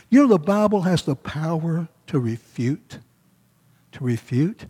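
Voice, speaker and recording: Male pastor, warm husky voice, emphatic sermon delivery with repeated phrases, echoing church hall. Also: a little high, animated, unhurried.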